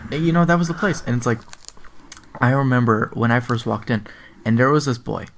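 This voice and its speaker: A man's voice: medium pitch, a little fast, vocal fry, a bit bright, a little hiss or hum. A young man co-hosting a podcast, telling stories in casual chat, laughing often and swearing. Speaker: podcast co-host.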